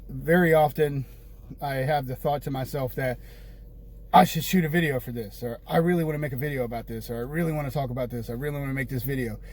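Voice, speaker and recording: A vlogger with a slightly high, darkish voice vents to the camera, exasperated and repeating himself as he rambles. He's in a room with the windows open near a street, so faint noise from passing buses and traffic comes through.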